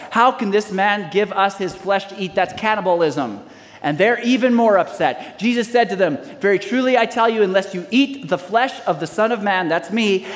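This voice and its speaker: A man with a notably high voice preaches a sermon, reading scripture and asking the congregation to call out answers. His voice rings with the long reverb of a large hall. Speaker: pastor.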